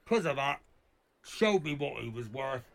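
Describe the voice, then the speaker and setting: A man's voice: medium pitch, lively intonation, unhurried, gravelly, fairly bright tone. A man voicing a grumpy old male football fan, sarcastic and exasperated, swearing constantly in a comedy sketch. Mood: grumbling. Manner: sarcastic, exasperated, keeps saying "bloody hell".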